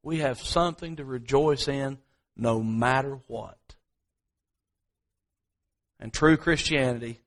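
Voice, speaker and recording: Man, pastor preaching, slow deliberate delivery, repeats phrases for emphasis. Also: medium pitch. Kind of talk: sermon.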